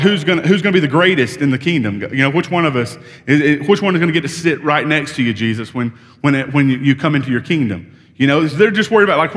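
A man preaching a sermon in a casual, halting way, often repeating words as he retells a Bible story. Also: fairly high pitch, a bit bright. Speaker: pastor. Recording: long hall reverb.

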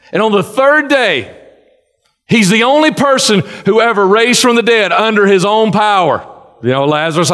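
A man's voice: high-pitched, fairly bright tone, long reverb tail. A man preaching a sermon in a folksy, conversational way, often restarting his sentences. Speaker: pastor.

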